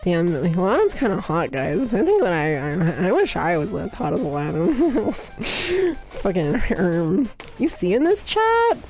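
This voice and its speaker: A woman streamer chatting live while guessing games, excitable and swearing a lot, bursting into high yells. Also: a little slow, soft background music.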